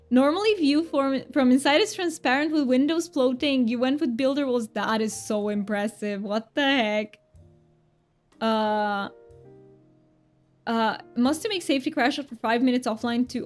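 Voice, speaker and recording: A woman's voice: high voice, faint music behind. A woman streaming a game, chatting casually with her party and gushing with delight. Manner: chatty, excitable, quick gasps of delight. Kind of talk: casual live-stream chat while gaming.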